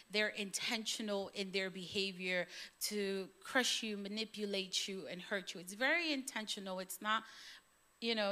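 A woman's voice: medium pitch, bright, forceful tone. A woman from Puerto Rico, a guest therapist, explaining conversationally at a church Q&A. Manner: conversational, explanatory, asks rhetorical questions. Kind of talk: church Q&A answers. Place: church sanctuary.

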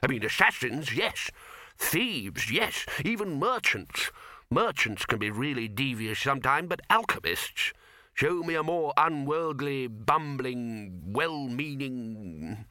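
A man's voice: mid-range voice, expressive, slow pace, sharp tone, no room sound, studio quality, heavily acted. A man voicing a nervous, fussy wizard bursar who talks hesitantly and trails off. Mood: fretting.

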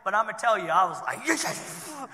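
A male pastor preaching in a church, his voice high and bright with an edge. He tells stories casually and breaks into animated bursts. The sound carries a long hall echo. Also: racing. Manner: conversational storytelling, animated bursts. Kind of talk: sermon. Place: church sanctuary.

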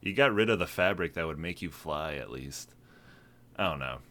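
A man's voice: low voice, expressive, normal speed, a bit bright. A man co-hosting a podcast, joking casually about a movie and acting out the characters. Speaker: podcast co-host.

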